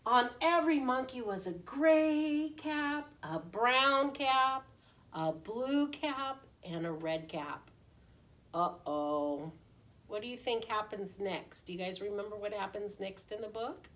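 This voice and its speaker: A woman preschool teacher reading a picture book aloud in an animated way, often asking the children questions. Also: medium pitch. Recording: voice distant from the mic.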